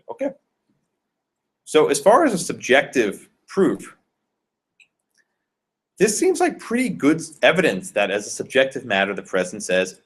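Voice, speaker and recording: A man's voice: medium pitch, wildly swooping pitch, unhurried, pauses often, husky. A male law professor giving a conversational classroom lecture and questioning his students.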